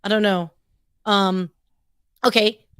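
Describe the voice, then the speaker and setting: An American woman in the middle of her pitch range, talking in an animated, rambling way with plenty of fillers. She is on a video call from her home office, and the sound is dry and close. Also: slow, clean tone, no echo. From United States. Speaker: podcast host. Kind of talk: casual chat.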